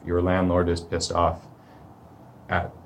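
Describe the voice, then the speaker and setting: Canadian man, lawyer type, very low-pitched, casual explainer tone, slight background noise. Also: completely flat delivery, slow pace. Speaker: corporate lawyer. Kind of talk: explanatory podcast conversation.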